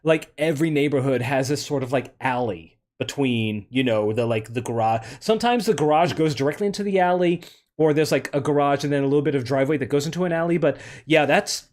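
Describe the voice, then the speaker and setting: A man's voice: on the high side, brisk, darkish tone. A man from the Northeast, chatting casually while playing a game and muttering to himself. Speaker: let's play host.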